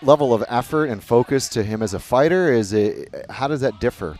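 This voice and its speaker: A man's voice: mid-range voice, lively intonation, brisk, darkish tone. A man hosting a live watch-party stream, interviewing a guest in an upbeat, friendly way. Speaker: host.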